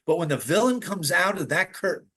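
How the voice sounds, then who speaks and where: A man chatting as a guest, telling stories in an animated, rambling way with many restarts. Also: high-pitched, brisk. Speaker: podcast guest. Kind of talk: casual spiritual conversation.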